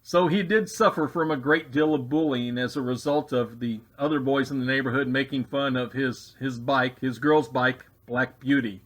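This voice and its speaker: A man narrating a mock-serious comedy exposé with deadpan delivery and rambling asides. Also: medium pitch, moderate pace, hardly any pauses.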